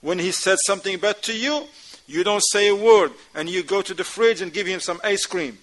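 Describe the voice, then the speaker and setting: A man teaching a class at a mosque, animated, acting out little dialogues in casual non-standard English. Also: sits high, moderate pace, poor audio. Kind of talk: lecture class.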